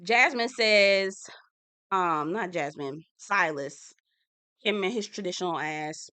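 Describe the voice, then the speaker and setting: A young woman giving a sassy, animated casual recap of a reality TV episode. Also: fairly low pitch, slow, dry recording. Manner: sassy, animated, acts out quoted lines. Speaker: TV recap reviewer.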